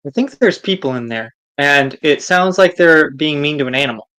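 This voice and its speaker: A man playing a tabletop game, eager and halting with frequent ums. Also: fairly high pitch, lively intonation, a bit bright, smooth, no echo. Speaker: player. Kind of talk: casual tabletop play.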